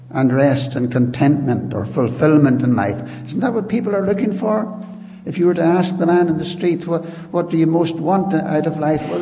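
A man's voice: fairly high pitch, mellow. A man preaching a sermon in earnest, pleading tones, often restarting his phrases. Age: older. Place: church. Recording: reverberant hall with faint noise.

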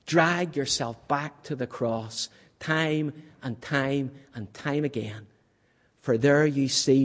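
A man preaching a sermon in a church, swinging from loud, vivid passages to hushed, almost whispered questions. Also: mid-range voice, slow pace, in a large hall.

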